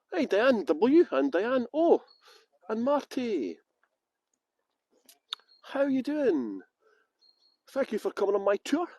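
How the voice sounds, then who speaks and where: Scottish guy doing a live tour stream outside, high bouncy voice, chatty and joking around. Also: darkish tone, no room sound. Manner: jokey, greets viewers by name, self-mocking banter. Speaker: tour guide. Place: outdoors in a botanical garden.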